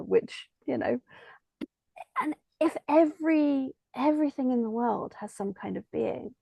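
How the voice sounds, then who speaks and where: A woman's voice: sits high, a little slow, gravelly, warm tone, breathy edge, dry recording. A woman host asking thoughtful, probing questions in a casual interview. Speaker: podcast host.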